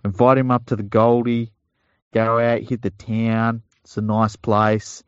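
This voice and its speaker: Homme australien grave, ton de blague décontracté. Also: male voice, on the low side, level tone, measured pace, smooth, no room sound. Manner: joking, rambling, bursts into mock voices. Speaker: podcast co-host. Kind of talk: casual sports chat. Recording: dull, dry home podcast mic.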